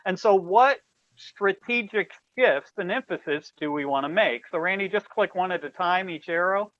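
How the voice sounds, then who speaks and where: Male webinar presenter, high-ish voice, explanatory, lo-fi call audio. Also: moderate pace. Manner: explanatory, directs slide changes. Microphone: video call. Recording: dull lo-fi web call audio.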